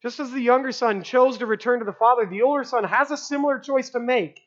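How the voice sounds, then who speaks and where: A man preaching a sermon to a live congregation, conversational, often asking "right?" and dropping to a hushed voice for emphasis. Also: extremely high pitch, fast. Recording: dull lo-fi sound.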